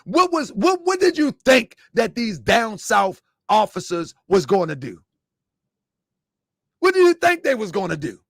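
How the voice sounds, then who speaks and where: A man with a very high voice talks in a lively, swooping way through a mocking commentary. He asks rhetorical questions and laughs often. The sound is close and dry. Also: unhurried, creaky, dry recording. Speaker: online commentator.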